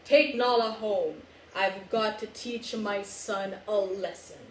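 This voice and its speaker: A woman voicing a stern, proud lion king and father, speaking slow and low. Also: reverberant, slight background noise, natural voice.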